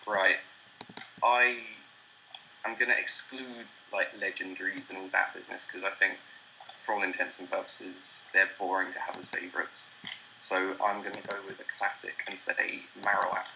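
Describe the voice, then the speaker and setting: A young man in his late teens with a British accent, chatting casually as an interview guest over a voice call, relaxed and self-deprecating with frequent chuckles. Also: deep voice, normal speed, vocal fry, a little hiss or hum, low-quality recording. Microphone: computer mic over a voice call.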